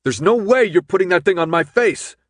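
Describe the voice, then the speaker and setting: A narrator doing a desperate teenage boy who pushes back hard, with a raw and urgent delivery. The voice stays close to the reader's own, lifted a little in pitch. The recording is dry and close-miked. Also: moderate pace, slightly rough, dry recording, natural voice. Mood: shouting. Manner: raw, defiant.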